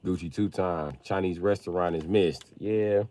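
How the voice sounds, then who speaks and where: A man live-streaming a casual comedic rant. He swears heavily, laughs at his own jokes and acts out other people in loud, high yelps. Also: normal speed, low-quality recording. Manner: profane, jokey storyteller.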